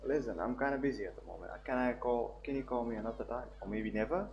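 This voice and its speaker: A man reading the lines of a smug young male law student in a quick, dismissive way. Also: medium pitch, creaky, a little mellow, lo-fi sound, slight background noise, close to an everyday voice.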